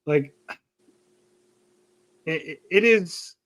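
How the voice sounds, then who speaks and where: A man's voice: on the high side, very slow, fairly bright tone, low-quality recording. A man hosting a livestream podcast, telling a rambling story in casual, profane chat.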